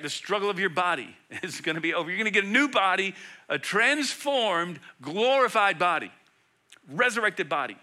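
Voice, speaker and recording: A middle-aged man preaching to his congregation, his voice very bright and ringing, pitched a little high for a man. He moves between loud, emphatic declarations and soft, hushed passages, always earnest. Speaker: pastor. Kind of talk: sermon.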